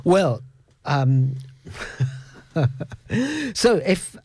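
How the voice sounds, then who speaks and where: A man's voice: on the high side, animated, extremely slow, darkish tone, no echo. A middle-aged man hosting a radio show, telling stories in a rambling, chuckling way. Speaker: radio host. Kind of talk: casual radio chat.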